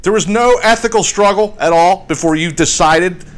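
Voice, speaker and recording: A podcast host tells a story as a heated, profane rant, swearing and repeating himself as he goes. His voice sits high and smooth, at a moderate pace.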